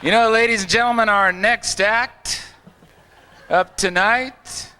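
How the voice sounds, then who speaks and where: A man's voice: sits high, fairly even intonation, takes it slowly, pushed and bright, a little hiss or hum. A man emceeing a festival show, introducing the next act. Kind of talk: stage introductions. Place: outdoor festival stage.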